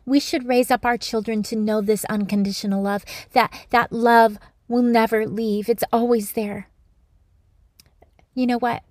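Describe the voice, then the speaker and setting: A woman giving a Christian devotional message with gentle, earnest encouragement, speaking close to the mic. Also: on the high side, steady tone, a little slow, no echo. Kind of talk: devotional teaching.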